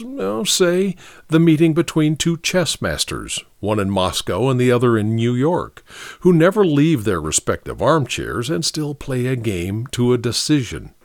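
A man's voice: medium pitch, no room sound, studio quality. A man narrating a mystery story as an audiobook, with a wry, theatrical delivery.

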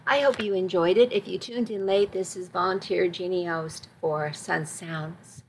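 A woman volunteer reading magazine stories and poems aloud on the radio, careful and unhurried, with small slips she corrects. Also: fairly low pitch, fairly even intonation, a little hiss or hum, low-quality recording.

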